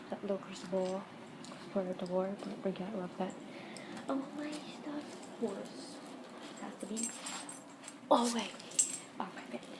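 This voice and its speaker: A young woman rambling in a casual vlog, often dropping into soft whispers. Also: mid-range voice, very noisy. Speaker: vlogger.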